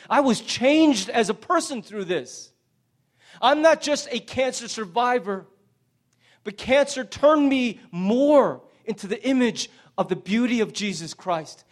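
A middle-aged male pastor preaching a sermon with passion, swinging from loud emphasis to hushed near-whispers. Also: high-pitched.

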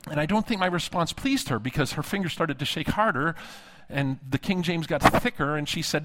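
A man's voice: a little high, animated, fairly quick, fairly bright tone, slight background noise. A middle-aged man, a seminary dean, preaching a sermon and telling stories with humor, acting out the voices of people he quotes. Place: conference hall.

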